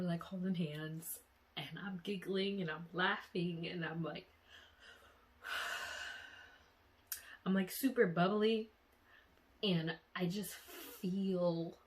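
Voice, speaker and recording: A young woman telling a dream on her vlog, chatty and full of fillers, tearful at times, with soft sighs and small laughs. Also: on the low side. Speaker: vlogger. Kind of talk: emotional dream diary vlog.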